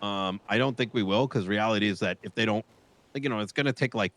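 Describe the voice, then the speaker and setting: A man's voice: on the low side, quick pace, a bit bright, dry recording. A man in casual roleplay chat, hesitant, cursing and trailing off mid-sentence.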